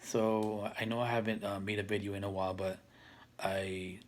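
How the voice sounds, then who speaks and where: A man in his thirties talking casually to camera, soft-spoken and hesitant, with many fillers and restarts that trail off quietly. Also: fairly low pitch, flat delivery, normal speed. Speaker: vlogger.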